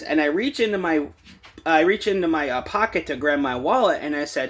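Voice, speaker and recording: A man casually telling a work story for a vlog, animated and acting out the dialogue. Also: on the high side, a little fast. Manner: animated, retelling with quoted dialogue.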